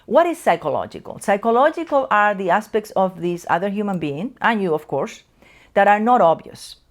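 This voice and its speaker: A middle-aged woman from Spain with a Spanish accent, a psychoanalyst explaining concepts to camera from a chair in her office in a measured way. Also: mid-range voice, animated. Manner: measured, explanatory, slows to stress key terms. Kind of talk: educational talk to camera.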